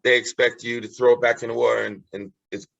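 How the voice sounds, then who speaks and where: A man's voice: medium pitch, level tone, quick pace, vocal fry, a bit bright, dry recording. A man speaking as an interview guest, earnest and encouraging, leaning on repeated phrases for emphasis. His voice sits mid-range, and the recording sounds dull and lo-fi, with a dry, close feel. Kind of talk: casual interview chat.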